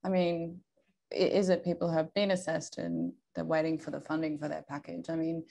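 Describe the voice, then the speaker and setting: A woman's voice: deep voice, flat delivery, brisk, vocal fry. An Australian woman, a doctor, interviewing a colleague attentively and asking careful follow-up questions. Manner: attentive, with soft backchannel murmurs.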